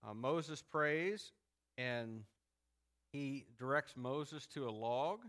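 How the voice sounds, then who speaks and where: His medium-pitched voice is fairly bright, and he draws out his words. The pastor preaches in a conversational way, impersonating the people in his story, such as grumbling crowds.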